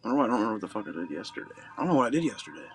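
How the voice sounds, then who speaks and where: A man's voice: fairly low pitch, sing-song, racing, creaky, a bit bright, a little hiss or hum. A middle-aged man hosting a live card-break stream, chatting loosely and humming little filler sounds between remarks. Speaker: livestream card-break host. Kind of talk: casual live-stream chat.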